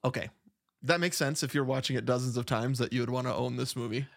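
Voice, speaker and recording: A man's voice: mid-range voice, fast, gravelly. A man co-hosting a casual movie podcast, joking around and thinking aloud with restarts. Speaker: podcast co-host. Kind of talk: casual chat about a film.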